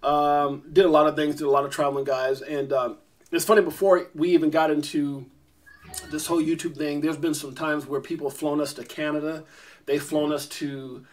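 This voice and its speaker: A middle-aged man hosting a vlog, telling a long story in an animated, rambling way with lots of fillers and restarts. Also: a little high, normal speed. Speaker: vlog host. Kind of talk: casual storytelling to camera.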